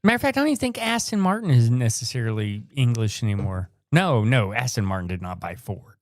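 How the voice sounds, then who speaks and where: A man's voice: medium pitch, big pitch swings, quick pace, no echo. An American man co-hosting a live podcast, rambling through opinions with casual swearing. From United States. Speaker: podcast co-host.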